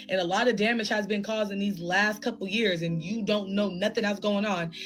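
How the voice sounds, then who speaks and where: A woman tells a personal story, heated and animated, acting out both sides of a conversation. Faint music plays underneath. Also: mid-range voice, a little fast, poor audio. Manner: animated, heated retelling with quoted dialogue. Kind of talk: casual storytime.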